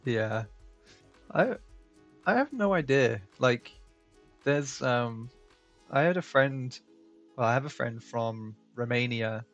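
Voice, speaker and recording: A man's voice: mid-range voice, fairly bright tone, lo-fi sound. A man co-hosting a drawing live stream, chatting casually, laughing often and reading viewer comments aloud. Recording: faint background music.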